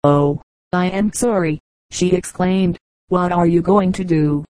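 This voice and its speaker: A woman's voice: lowish voice, unhurried, mellow, no room sound, natural voice, low-quality recording. A woman reading the lines of a polite, eager young girl who speaks in an earnest, well-spoken way.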